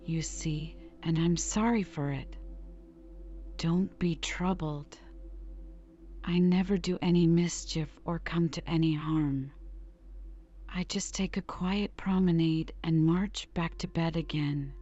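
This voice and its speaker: Storybook boy, mischievous and low-voiced, read by a woman, unhurried, warm and slightly muffled. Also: fairly even intonation, a little hiss or hum. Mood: sheepish. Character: sleepwalking motherless teenage boy, playful.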